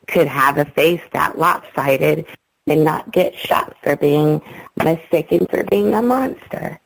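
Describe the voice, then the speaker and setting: A woman's voice: low voice, slow pace, gravelly, breathy edge, no room sound, poor audio. A woman in casual banter with her partner, blunt and mocking as she teases him.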